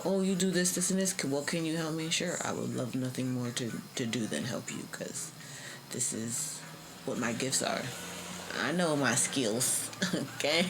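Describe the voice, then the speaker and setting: A woman's voice: very deep voice, noisy background. A young woman giving a casual tarot reading, slangy and profane, laughing often. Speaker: tarot reader.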